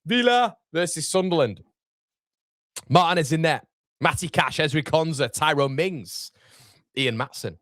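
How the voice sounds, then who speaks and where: A man's voice: on the high side, expressive, unhurried, pauses often, fairly bright tone, dry recording, studio quality. A man hosting a live football watchalong, chatting casually and reading viewer comments aloud.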